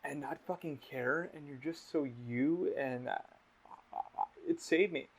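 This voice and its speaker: This man's voice is a touch high with a breathy edge, and he keeps a measured pace. He's a podcast host in loose conversation, frank and meandering, cursing often, and the recording sounds dull and lo-fi.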